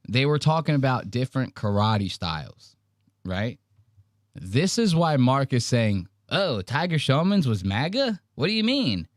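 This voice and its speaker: A man's voice: mid-range voice, unhurried, no room sound, studio quality. A man hosting a podcast, casually commenting on clips, swearing freely and acting out the people he quotes. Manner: animated, profane, acts out quotes in varied voices. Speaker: podcast host.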